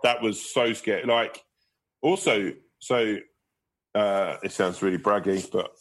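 A man's voice: fairly low pitch, unhurried. A man, a guest comedian, telling rambling anecdotes in a casual interview, laughing and swearing as he goes.

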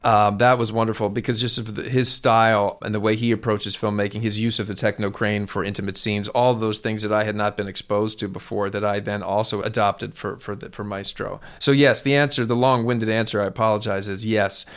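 A man's voice: lowish voice, little pitch movement, brisk, few pauses, a bit bright. A man who directs and acts, talking as an interview guest, eager and rambling with frequent restarts. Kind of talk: candid interview talk.

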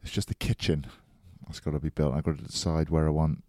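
A man chatting casually on a podcast in a relaxed, matter-of-fact way. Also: extremely low pitch, fast, no room sound, clean studio sound.

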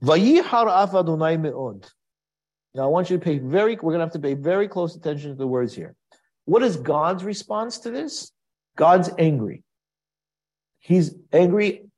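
A man's voice: on the high side, lively intonation, normal speed, darkish tone. A man teaching a Torah class in a conversational style, asking rhetorical questions and quoting Hebrew verses.

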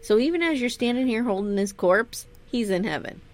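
A brisk, slightly high-voiced woman recaps a TV episode as co-host of a casual podcast. Animated throughout, she laughs, curses and acts out quotes.

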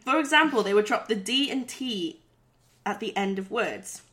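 A woman's voice: mid-range voice, expressive, normal speed, fairly bright tone. A woman in casual podcast chat, playfully reading out an article and laughing often. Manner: playful, reads out and laughs a lot. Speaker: podcast co-host.

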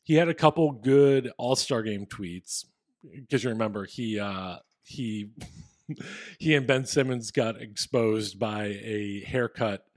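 A man's voice: lowish voice, takes it slowly, dry recording, clean studio sound. A man co-hosting a podcast, talking casually and rambling through his points. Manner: rambling with fillers and restarts. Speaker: podcast co-host. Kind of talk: casual chat.

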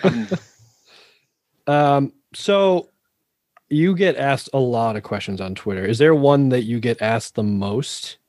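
A man's voice: mid-range voice, expressive, slow, long pauses, darkish tone, no room sound, studio quality. A man with a Boston accent hosting a podcast, asking easygoing questions and laughing often. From New England. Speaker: podcast host. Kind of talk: casual interview chat.

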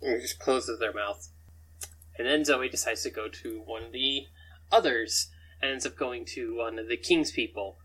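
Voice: mid-range voice, normal speed, fairly bright tone, slightly rough, rough recording. A game master narrating a tabletop game in a rambling way, often chuckling between descriptions.

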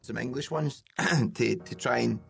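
A man's voice: medium pitch, unhurried, gravelly, music in the background. A Scottish man hosting a podcast, joking and swearing in casual banter with his mates. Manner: swearing, joking, bursts of laughter. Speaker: podcast host.

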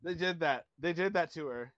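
A man casually chatting as a podcast co-host, animated and quick to laugh. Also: a little high, highs cut off, very noisy. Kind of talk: casual chat.

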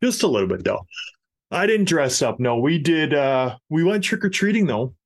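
A man's voice: on the high side, moderate pace. A man hosting a podcast, chatting casually and telling stories with animation. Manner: animated storyteller. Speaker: podcast host. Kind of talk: casual chat.

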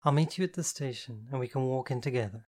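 A woman's voice: rumbling low, fast talker, darkish tone. A woman voicing a cheerful, eager young woman on the phone in a storybook reading. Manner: cheery, enthusiastic.

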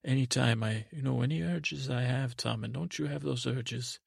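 A man's voice: medium pitch, moderate pace, vocal fry, breathy edge, no room sound, clean studio sound. A man voicing a boastful young stable boy who rambles and halts, full of fillers.

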